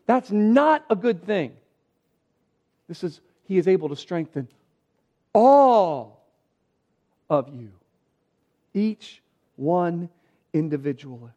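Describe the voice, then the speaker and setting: A man preaching a sermon, reading scripture aloud and stressing key words with shifting pace and loudness. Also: high-pitched, expressive, dull audio. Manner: emphatic preaching with pauses, varied pace and loudness. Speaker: pastor.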